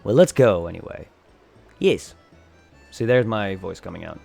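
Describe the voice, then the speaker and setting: Young guy rambling on a game stream, lowish gravelly voice, desk mic, faint music behind. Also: expressive, unhurried, a little mellow. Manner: rambling, self-correcting, reads game dialogue aloud. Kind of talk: casual live game stream chat. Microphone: desktop condenser mic. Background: faint music and computer fan hum.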